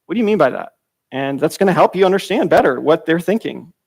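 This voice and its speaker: A man's voice: expressive, fast, vocal fry, breathy edge. Conversational man teaching a church class. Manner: conversational, repeats words, restarts phrases; acts out quoted dialogue with sudden pitch jumps. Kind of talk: Bible class lesson.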